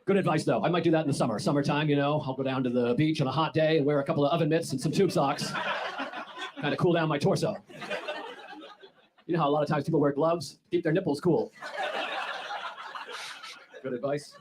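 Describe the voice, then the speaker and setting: A man performs stand-up in a comedy club, rattling off sarcastic, exasperated stories at a quick clip. His voice sits a little high. Steady crowd and room noise runs underneath the live recording. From United States. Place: comedy club stage before a laughing audience. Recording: live audience noise throughout.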